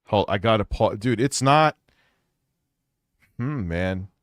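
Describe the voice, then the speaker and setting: A man's voice: fairly low pitch, expressive, slow, no echo, studio quality. A man hosting a live stream, talking crudely and rambling with a lot of swearing. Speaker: livestream host. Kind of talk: casual live stream talk.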